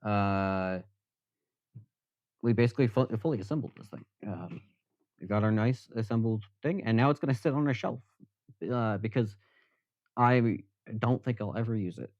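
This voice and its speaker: A man's voice: lowish voice, normal speed, long pauses, dry recording, highs cut off. Rambling man chatting on a live stream. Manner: rambling, self-deprecating, chatting with viewers. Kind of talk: casual live-stream chat.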